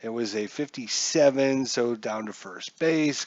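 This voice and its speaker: A man narrating a solo dice baseball game at an unhurried pace, chatty and joking to himself as he reads his charts. The sound is dull and muffled, with a dry, close feel. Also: medium pitch, animated, a little mellow, no room sound. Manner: chatty, jokey, talks to himself while checking charts.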